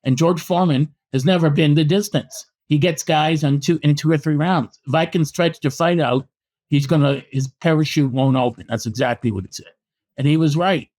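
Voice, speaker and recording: Animated storytelling man from Canada. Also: a little high, normal speed. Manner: animated anecdotes, frequent restarts and acted quotes. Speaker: boxing historian and author. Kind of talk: storytelling in a podcast interview.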